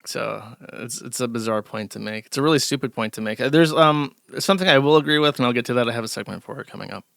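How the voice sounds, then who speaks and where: A man with a bright, crisp voice delivers sarcastic commentary on a live stream. He rambles with fillers and drops in short laughs. The sound is dry and close to the mic. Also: mid-range voice, quick pace, dry recording. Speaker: streamer host. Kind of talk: casual ranting commentary.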